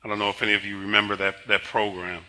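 An older man in his sixties preaches from the pulpit, his voice strikingly bright and sharp. He sounds tired, yet he talks easily, telling stories and steering his listeners between passages. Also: lowish voice, little pitch movement, poor audio. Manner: leads congregation in slow emphatic spoken confession; conversational storytelling between scripture. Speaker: pastor. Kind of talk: sermon.

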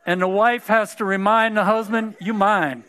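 A man's voice: high voice, level tone, normal speed, sharp tone, clear, resonant tone, some chatter behind. A man in his fifties or older preaching a sermon, emphatic and drawn out, with casual, folksy asides. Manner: laughs during his own anecdotes.

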